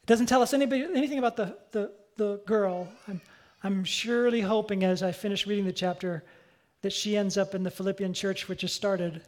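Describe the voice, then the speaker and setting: A pastor delivering a sermon in a relaxed, conversational manner, pitched at a middle level. The talk drifts into asides and self-corrections before returning to the point. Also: a little fast.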